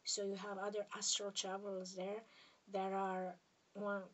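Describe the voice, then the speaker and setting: A woman's voice: medium pitch, monotone. Serbian accent lady healer rambling to camera, stops and restarts a lot, goes half whisper, mic kinda far off. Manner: hesitant, halting, drifts into soft near-whispers. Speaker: spiritual healer. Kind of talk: casual monologue to camera.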